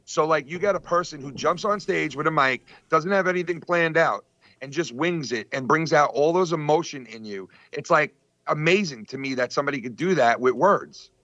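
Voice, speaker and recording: A man chatting casually on a podcast, telling stories in an excitable, profane way with lots of fillers. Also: fairly high pitch, moderate pace, dry recording, highs cut off. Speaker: podcast co-host. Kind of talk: casual chat.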